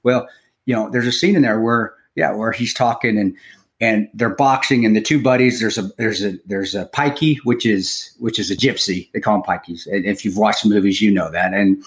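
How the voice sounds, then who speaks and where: A man's voice: fairly low pitch, moderate pace. Man telling a story with lots of swearing. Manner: animated storyteller, swears freely, frequent restarts. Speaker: podcast host. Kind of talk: casual podcast storytelling.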